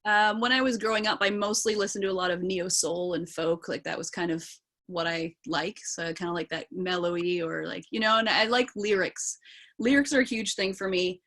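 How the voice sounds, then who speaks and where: A woman's voice: lowish voice, fairly even intonation, a little fast, fairly bright tone. A young woman from British Columbia, an actor and singer, chatting casually as an interview guest over a video call and rambling with lots of ums and yeahs. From British Columbia, Canada.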